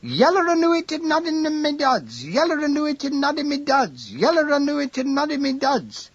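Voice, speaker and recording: A man voicing a tiny, shy old countryman who talks in a high, excited, trumpeting voice. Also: normal speed, muffled recording, exaggerated voice. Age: older.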